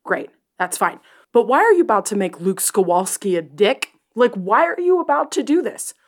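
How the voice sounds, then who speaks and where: A woman co-hosting a podcast and reviewing a TV episode in casual chat, excitable and animated, acting out her own reactions. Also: mid-range voice, moderate pace. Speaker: podcast co-host.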